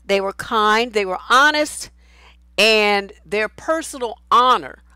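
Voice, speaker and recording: A woman's voice: medium pitch, slow, sharp tone, clear, resonant tone, dry recording. Blunt, outspoken woman coach. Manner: blunt, outspoken, swears freely. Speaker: relationship coach. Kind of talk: casual advice talk, reading viewer comments.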